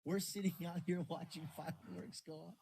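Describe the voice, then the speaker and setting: Young co-host in casual chat, lively, mimics others while telling stories. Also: mid-range voice, fairly quick, gravelly, background noise. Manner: lively storytelling, acts out others' lines. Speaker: podcast co-host.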